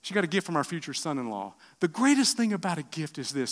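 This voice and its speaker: Animated middle-aged preacher. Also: male voice, fairly high pitch, quick pace. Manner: animated preaching with rhetorical questions and sudden drops to quiet. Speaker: pastor. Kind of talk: sermon.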